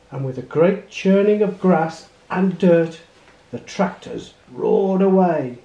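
A man reading a children's picture book aloud with expressive storytelling, in a roomy, echoing recording. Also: a little high. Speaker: storybook reader. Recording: roomy echo.

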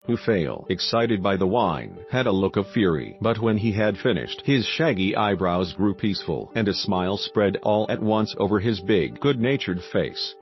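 A man reading a story aloud in a steady, even scripted narration. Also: fairly low pitch, normal speed, few pauses. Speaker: audiobook narrator. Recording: dull lo-fi with faint music.

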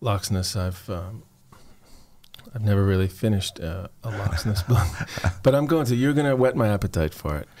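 A man with a fairly low voice hosts a radio show. He chats with his guest in a relaxed, friendly way and drops in a few fillers. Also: normal speed. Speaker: radio host. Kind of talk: casual radio chat. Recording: radio studio.

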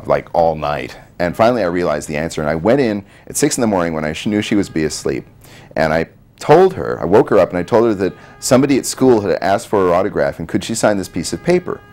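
A middle-aged man, son of an actress, tells stories about his mother in a casual interview, rambling and hesitant with many ums. His voice is low and darkish, with lively intonation and a slightly fast pace.

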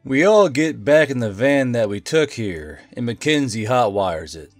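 A male text-to-speech voice reading a tabletop game story in an even, unhurried way. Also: medium pitch, dry recording. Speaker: narrator. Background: faint music.

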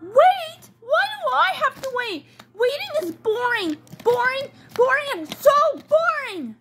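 Little girl doll, grumpy, whiny, squeaky high, lively pitch, a woman acting. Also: measured pace, slight background noise, full character voice. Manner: whiny, sulky, pouting. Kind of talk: toy play storytelling.

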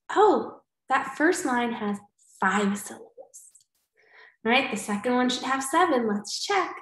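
A woman teacher giving a recorded poetry lesson to young students, cheerful and slow, clapping out syllables and sometimes whispering. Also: on the high side, lively intonation, fairly bright tone, roomy sound, low-quality recording. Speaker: elementary school teacher.

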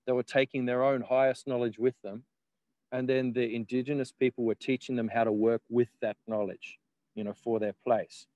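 A man talking as a guest in a loose, rambling way, peppered with laughs and swearing. His voice sits at an ordinary middle pitch. The sound is dry and close. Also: little pitch movement, normal speed, a little mellow, no room sound, lo-fi sound. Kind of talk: casual conversation.

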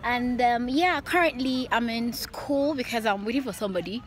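Excitable Nigerian woman vlogging. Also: on the high side, moderate pace. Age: young adult. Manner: excitable, exclamatory, laughs often. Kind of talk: casual vlog chat.

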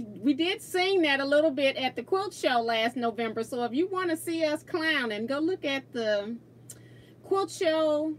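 A woman's voice: high-pitched, a little hiss or hum. A woman hosting a casual quilting livestream from her sewing room, laughing often and reading viewer comments aloud as she works.

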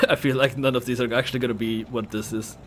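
A man streaming a game who jokes and swears loudly as he plays. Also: mid-range voice, fast talker, a little hiss or hum. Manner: jokey, swears a lot, lively. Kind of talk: casual game commentary.

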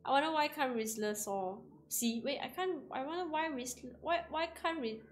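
A woman giving casual game commentary, excitable and giggly, speaking English with non-native grammar. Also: sits high, normal speed. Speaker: gaming YouTuber. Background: faint game music.

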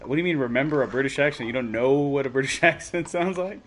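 A man hosting a gaming channel, chatting casually with friends mid-match and swearing loudly at the enemy team. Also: mid-range voice, fast, slight background noise. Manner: excitable, heavily profane trash talk.

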